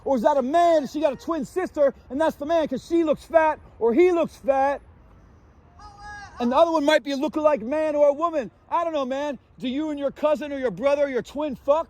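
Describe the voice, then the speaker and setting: Street vlogger, male, high-pitched, profane and confrontational, ranting to camera outdoors. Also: quick pace, hardly any pauses, a little mellow. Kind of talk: angry street rant.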